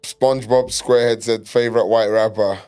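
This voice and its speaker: A man's voice: on the low side, steady tone, fairly quick, a little mellow, clear, resonant tone. A young man hosting a casual podcast chat, loose and joking with plenty of slang and swearing. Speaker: podcast host.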